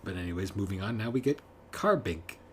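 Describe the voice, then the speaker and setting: Very deep-voiced man, blunt opinions. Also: expressive, brisk, a little hiss or hum. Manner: blunt, dismissive opinions with frequent restarts. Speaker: podcast co-host. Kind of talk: casual chat.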